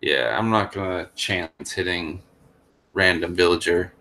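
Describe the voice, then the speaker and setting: A man playing a tabletop game, talking in a hesitant, low-key way in casual chat. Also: measured pace, pushed and bright.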